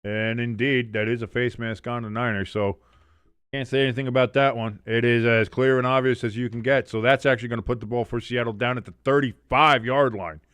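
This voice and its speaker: A man's voice: mid-range voice, fairly even intonation, a little fast, fairly bright tone, clear, resonant tone, dry recording. A man hosting a live sports watch-along, calling plays in a casual, joking way and chatting with viewers. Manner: joking, chatty, reads out chat messages. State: wired on coffee. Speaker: watch-along stream host. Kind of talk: casual live play-by-play commentary.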